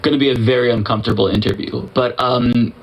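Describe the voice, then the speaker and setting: A man giving measured, sardonic commentary in a played online video. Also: medium pitch, fairly even intonation, poor audio. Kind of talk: scripted commentary.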